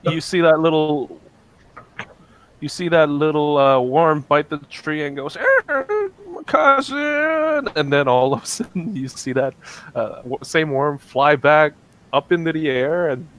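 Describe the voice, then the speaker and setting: A man playing a tabletop game, playful, laughing and acting out his character's shouts. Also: on the high side, steady tone, measured pace. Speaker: player. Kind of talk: casual tabletop game play.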